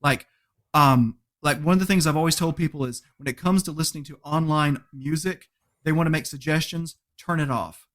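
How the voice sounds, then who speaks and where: A man with a fairly high speaking voice talks as a podcast guest. He tells stories with animation, laughs often and acts out little quotes as he goes. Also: a little fast, a bit bright. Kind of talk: casual interview chat.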